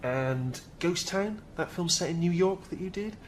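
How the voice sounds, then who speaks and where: A man's voice: high voice, lively intonation, a little slow, a little hiss or hum. An actor playing an awkward male talent agent in a sitcom, talking in a hesitant, placating way. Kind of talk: sitcom acting.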